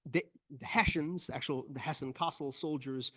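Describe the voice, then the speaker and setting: A man with a somewhat high voice speaks as a guest historian, answering questions after a lecture. He explains in an eager, detailed way. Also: moderate pace, bright, forceful tone. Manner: explanatory, thoughtful, enthusiastic about details. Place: event room with in-person and online audience.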